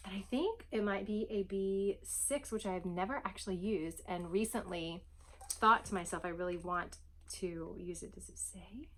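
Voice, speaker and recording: A woman chatting casually as she unboxes a gift at home, gushing, breathy and often dropping to soft whispers. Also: medium pitch, fairly even intonation, measured pace, slight background noise. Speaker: vlogger unboxing a gift box.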